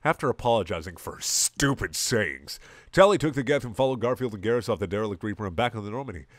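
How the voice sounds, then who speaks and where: A low-voiced man reads out absurd fiction in a mock-serious, deadpan way and curses at his own slips. The recording is dry and close. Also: fast talker, no room sound. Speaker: reader of comedy fan fiction. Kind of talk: mock-serious dramatic reading.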